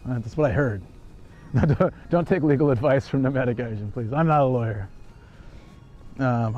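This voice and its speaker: A man's voice: mid-range voice, a little mellow, muffled recording. A man telling a rambling story on a live stream while he walks through a park, chuckling often. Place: outdoors in a park.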